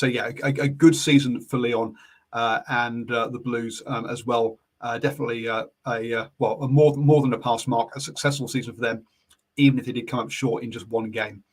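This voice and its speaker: English-accented man chatting about rugby. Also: mid-range voice. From England. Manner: chatty, many fillers and restarts. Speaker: podcast host. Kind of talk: casual sports chat. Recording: online call.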